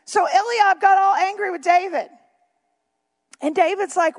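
A woman preaching to her congregation in a strikingly high voice that carries a gravelly edge of fry. She reads scripture and drifts into casual, joking asides as she goes. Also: a little slow. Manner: chatty asides and jokes to the congregation. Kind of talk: sermon with Bible reading.

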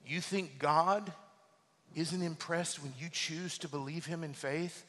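A man preaching a sermon, animated and emphatic, reading scripture and building to loud exhortation. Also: fairly high pitch, slow pace, in a large hall. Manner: animated preaching, rising to near-shouts. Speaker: pastor.

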